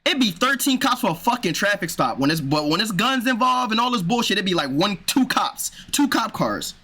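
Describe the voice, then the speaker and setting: Streamer dude reacting, high bright voice, all over the place, swears a ton, keeps saying bro. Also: male voice, very animated, fairly quick. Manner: exasperated, swears a lot, says "bro" often. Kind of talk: casual reaction commentary.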